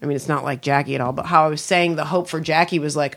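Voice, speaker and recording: A woman's voice: sits low, steady tone, quick pace, vocal fry, hardly any pauses, fairly bright tone. Chatty woman musing about a movie. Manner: chatty, self-deprecating, thinks aloud. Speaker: podcast guest. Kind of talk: casual film review chat.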